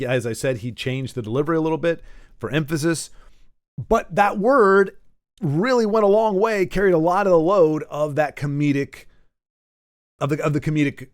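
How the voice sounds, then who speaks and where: Give me a man with a slightly high voice doing a rambling solo podcast monologue, dry and close. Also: no room sound. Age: adult who grew up with Nintendo. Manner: rambling, many restarts and self-corrections. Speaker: podcast host.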